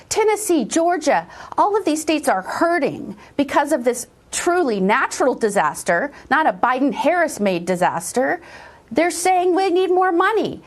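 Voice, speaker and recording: A woman giving political commentary in a deliberate, emphatic way. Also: high voice.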